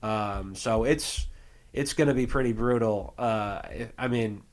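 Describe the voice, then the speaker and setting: A man's voice: fairly low pitch, a little slow. An American man co-hosting a podcast, talking casually and rambling with plenty of fillers and restarts. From United States. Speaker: podcast co-host. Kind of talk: casual chat.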